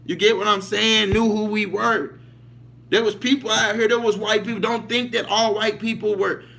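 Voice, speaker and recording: High, bright-voiced man streaming live. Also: flat delivery, normal speed, creaky. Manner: emphatic, repetitive, keeps asking listeners if they follow. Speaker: livestream host. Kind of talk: casual livestream monologue.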